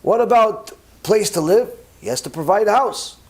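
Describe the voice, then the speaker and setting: A man giving a Torah sermon as a rabbi, animated, acting out both sides of conversations and dropping in Hebrew religious terms. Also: high voice, normal speed.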